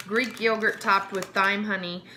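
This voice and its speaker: Casting: a bright, clear-toned woman snack vlogger who reads product blurbs aloud and trips over words. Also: mid-range voice, fairly even intonation, takes it slowly, a little hiss or hum. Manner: stumbles over words while reading, talks with mouth full. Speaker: vlogger reviewing a snack box. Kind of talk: casual chat, reading card text aloud.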